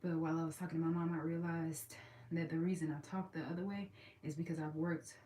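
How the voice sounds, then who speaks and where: A woman vlogging casually from her bed, chatty and expressive, moving between loud projected talk and a soft, calm low voice. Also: roomy sound, distant mic, low-quality recording. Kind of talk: casual chat to followers.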